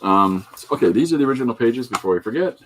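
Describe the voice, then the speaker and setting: A man's voice: mid-range voice, expressive, quick pace, slight background noise. A man, a comic artist hosting his own show, chatting casually and rambling with jokes and asides as he shows his pages. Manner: rambling, joking, with many fillers and asides. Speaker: comic artist and podcast host. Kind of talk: casual rambling chat while showing artwork.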